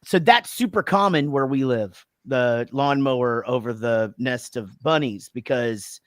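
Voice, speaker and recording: A middle-aged man hosting a casual chat, telling stories with lively energy and frequent swearing. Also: medium pitch, measured pace, no room sound. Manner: animated storyteller who swears freely. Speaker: show host.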